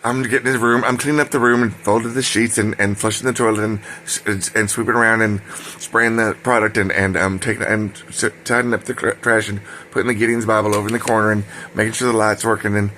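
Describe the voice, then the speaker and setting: A man's voice: lowish voice, level tone, fast talker, bright, forceful tone, slight background noise. A man telling a personal story in a casual, rambling way, full of fillers and side remarks. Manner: rambling, digressive, many fillers and asides.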